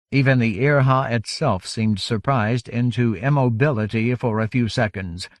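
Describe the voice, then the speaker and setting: A man's voice: mid-range voice, no echo. Man narrating an audiobook, dry and close.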